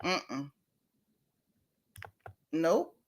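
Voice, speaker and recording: A middle-aged woman, hosting a casual gossip livestream, animated and sassy as she reads out viewer comments. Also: low-pitched, extremely slow. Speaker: livestream host.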